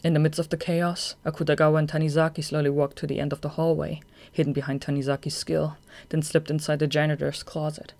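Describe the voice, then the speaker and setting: A narrator reading a fan audiobook in an even, measured way. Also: medium pitch.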